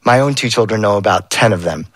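A middle-aged man telling a family story aloud, playful and animated, slipping in sayings and voices. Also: fairly low pitch, fast, no room sound. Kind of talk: oral storytelling.

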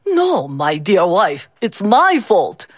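A woman doing a slow, subdued remorseful father. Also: mid-range voice, lively intonation, no room sound, studio quality, lightly acted. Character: quiet, remorseful father, poor worker.

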